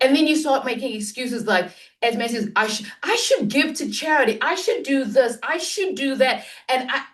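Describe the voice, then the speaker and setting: Woman, from Africa, panelist, animated storytelling, acts out dialogue, slightly distant mic. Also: mid-range voice.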